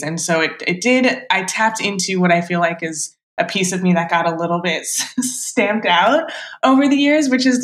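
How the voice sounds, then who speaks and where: Thirtysomething woman guest, chatty and reflective, lowish voice, echoey room. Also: fairly bright tone. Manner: chatty, reflective, many filler words. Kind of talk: casual chat. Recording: roomy echo.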